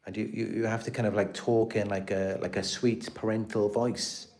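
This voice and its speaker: His voice sits on the low side, darkish and barely moving in pitch, at a moderate pace. The man, who has a British accent, hosts a live stream about narcissistic abuse, chatting casually in a rambling way full of repeated words, restarts, and frequent "you know" fillers.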